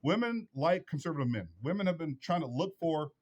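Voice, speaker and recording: A man's voice: a little high, expressive, brisk, darkish tone, highs cut off. A man hosting a vlog, giving blunt advice in a preachy, repetitive, emphatic monologue. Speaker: vlog host.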